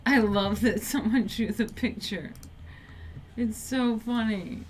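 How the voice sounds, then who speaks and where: A woman's voice: a little high, slow, slight background noise. A woman streamer giving casual, joking reaction commentary, swearing freely and laughing often.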